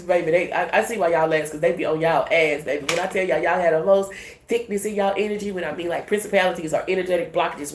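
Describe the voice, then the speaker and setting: A woman giving a casual tarot reading in a brash, profane, animated way. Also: lowish voice, roomy sound. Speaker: tarot reader.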